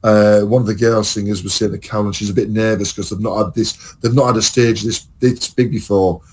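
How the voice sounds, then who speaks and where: A man's voice: lowish voice, fairly even intonation, brisk, a little mellow, breathy edge, rough recording. A man telling long, rambling, sweary stories as a podcast host in casual chat.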